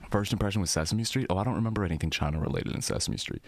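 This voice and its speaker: Low-voiced streamer rambling to chat. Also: male voice, fairly quick, no echo. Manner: rambling, profane, reacting to chat. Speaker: live streamer. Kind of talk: casual chat with live viewers.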